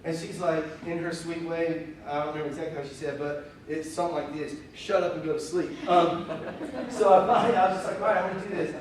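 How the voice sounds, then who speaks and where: A young male pastor preaching a conversational, candid sermon, telling stories in an animated way with plenty of fillers. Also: a little high, quick pace. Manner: candid, animated, self-deprecating, full of fillers. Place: church sanctuary. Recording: very echoey room, voice from far off, faint hiss.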